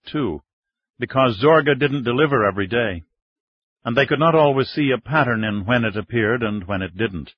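A man narrating an audiobook in a measured, even reading, recorded close in a studio. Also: mid-range voice, no echo. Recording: dull, dry studio reading.

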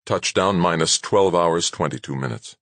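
A man narrating an audiobook in a measured, steady way. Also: deep voice, dry recording.

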